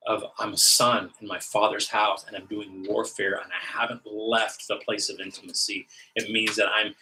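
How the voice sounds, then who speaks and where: A man's voice: on the low side, bright, forceful tone, poor audio. A man giving an earnest teaching sermon on prayer, often repeating phrases and restarting his sentences.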